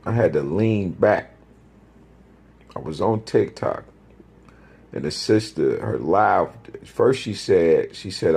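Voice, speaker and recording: Deep gravelly man, rambling story. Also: expressive, measured pace, darkish tone. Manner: rambling, profane, repeats himself. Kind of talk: casual spiritual storytelling.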